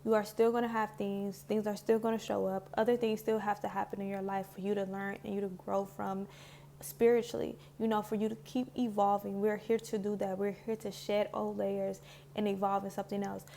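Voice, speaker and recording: A woman with a medium-pitched, gravelly, mellow voice talks to camera a little fast and with flat delivery, reflecting casually on spiritual healing. Earnest and heartfelt, she's loose with lots of "like"s and emotional to the point of near tears, with a little hiss or hum in the background.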